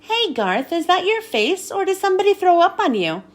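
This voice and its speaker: Woman doing a schoolboy bully, high, swooping, jeering, storybook. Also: big pitch swings, normal speed. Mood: mocking. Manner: jeering, then shrieking in panic. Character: loud mocking schoolboy bully, later panicky.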